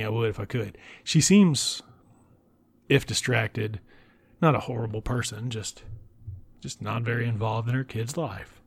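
A man giving a casual recap of a film, talking bluntly with profanity and dropping into breathy whispered asides. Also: lowish voice. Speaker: film reviewer.

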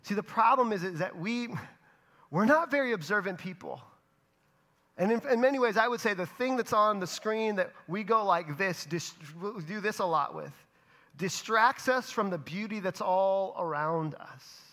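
Male pastor, sermon delivery: expressive, loud-to-soft swings, deliberate pauses. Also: high voice. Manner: expressive preaching, swings between loud emphasis and hushed delivery; speaks in short phrases with dramatic pauses.

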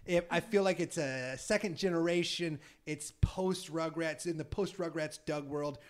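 A man's voice: fairly high pitch, moderate pace. A young man hosting a podcast in casual chat, teasing his guest and laughing often. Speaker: podcast host.

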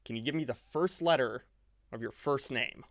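A man's voice: mid-range voice, normal speed, no echo, clean studio sound, natural voice. A man voicing a tired, impatient male adventurer who talks bluntly. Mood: exasperated. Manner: blunt, exasperated.

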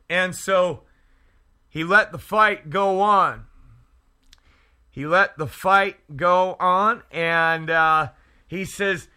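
A man hosting a Christian radio talk show, speaking fervently and haltingly, with many restarts and fillers. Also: high-pitched, bright, forceful tone, smooth. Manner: fervent, prays aloud. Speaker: Christian internet radio host. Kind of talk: casual faith talk show. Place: Edmonton area.

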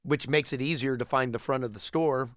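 A man's voice: medium pitch, steady tone, fairly quick, dry recording, clean studio sound. A man co-hosting a talk show, casually retelling a news story in a rambling way with frequent chuckles. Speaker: radio show co-host.

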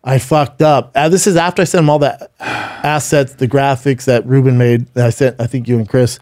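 A man's voice: mid-range voice, steady tone, a little fast, darkish tone. Blunt, profane man telling stories. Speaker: podcast co-host. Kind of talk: casual chat.

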